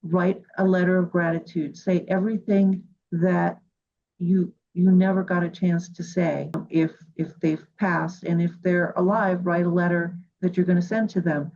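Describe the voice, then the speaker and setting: Woman host from cuba, warm mellow voice, kinda dull lo-fi sound, talks earnest n heartfelt. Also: lowish voice, level tone, normal speed, a little hiss or hum. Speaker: radio show host. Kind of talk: casual interview chat. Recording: dull lo-fi recording.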